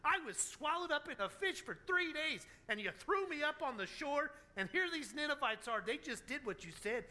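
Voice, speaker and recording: A man's voice: very high-pitched, animated, normal speed, few pauses, pushed and bright, pitched above the performer's own voice, full character voice. A man voicing an indignant grown prophet throwing a temper tantrum, whiny and petulant.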